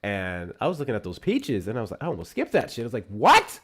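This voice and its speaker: A man hosting a casual political livestream, talking in an animated, profane, mocking way. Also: mid-range voice, quick pace, husky. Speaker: livestream host.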